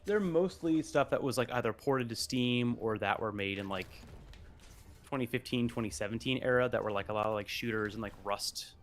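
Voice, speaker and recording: A man's voice: on the low side, steady tone, fairly quick, a bit bright. A man chatting casually as a stream co-host, rambling with many fillers and restarts. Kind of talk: casual chat.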